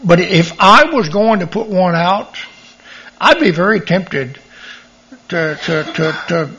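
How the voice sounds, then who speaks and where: Middle-aged male Bible teacher, high husky voice, dull lo-fi recording, reads verses and leans on key words. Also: animated, slow pace, bright, forceful tone, a little hiss or hum. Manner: reads scripture aloud and stresses key words.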